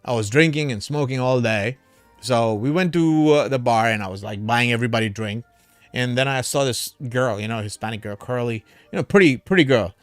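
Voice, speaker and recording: A man's voice: medium pitch, a little fast, smooth, dry recording, faint music behind. A man hosting a crypto livestream in a casual, rambling way, a little tipsy from drinking, calling his viewers brother and man.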